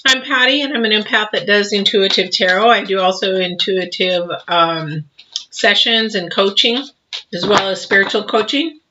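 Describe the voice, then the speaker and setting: A woman's voice: medium pitch, moderate pace. Woman, tarot reader, chatty and rambling, dull noisy home recording. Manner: chatty, rambling with many fillers. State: mouth full of cookie dough. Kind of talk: live tarot reading.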